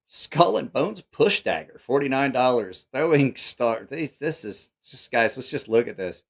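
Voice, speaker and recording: A man hosting a live stream, reacting in incredulous, mocking, profanity-laced rants and laughing at what he sees. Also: medium pitch. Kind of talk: casual live-stream commentary.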